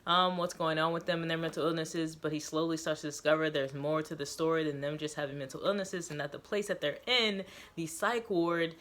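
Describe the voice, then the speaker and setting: A woman's voice: sits low, steady tone, fairly quick, few pauses, a bit bright. A woman host reading a story aloud, mixing a dramatic read with casual, filler-heavy recaps.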